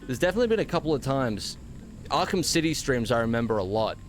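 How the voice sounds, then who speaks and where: An Australian man live-streams a game and jokes with his chat in a playful, mock-outraged way. His voice sits at an ordinary middle pitch. Faint music plays behind him. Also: big pitch swings, quick pace. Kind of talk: casual live-stream chat while gaming.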